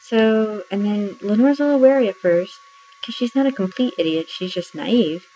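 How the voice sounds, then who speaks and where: A woman's voice: medium pitch, normal speed, mellow. A woman casually reviewing a book, retelling scenes in a chatty way with plenty of fillers. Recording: dull lo-fi audio with faint noise.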